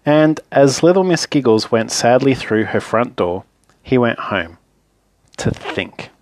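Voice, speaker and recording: A man reading a children's story aloud in a gentle, expressive way. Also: medium pitch, a little slow.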